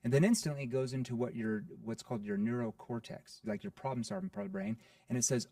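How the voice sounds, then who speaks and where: Man, sales coach guest, energetic, rhetorical questions, dry distant mic sound. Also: medium pitch, fast talker, hardly any pauses, no echo. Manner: energetic teacher, asks rhetorical questions, says "right?" often. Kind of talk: podcast interview, explaining.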